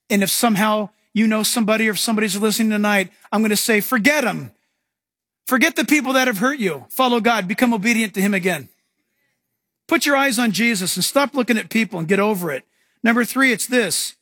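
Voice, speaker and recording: High-voiced man preaching a sermon. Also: fairly bright tone, dry recording, studio quality. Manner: earnest, emphatic preaching with repeated phrases. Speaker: pastor. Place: church.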